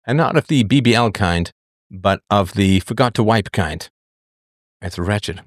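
A middle-aged man hosts his show in loose, wry banter, stretching words for comic emphasis. His voice sits a little low. It sounds dry and close, with no room around it. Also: no room sound. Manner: wry, joking asides with drawn-out emphasis. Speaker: podcast host. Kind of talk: casual live-stream chat.

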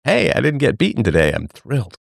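A middle-aged man hosting a livestream, talking to his chat in a sarcastic, animated monologue. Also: a little fast, creaky, dry recording, clean studio sound. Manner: animated, sarcastic, mimics others in higher voices. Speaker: livestream host. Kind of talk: casual monologue to live chat.

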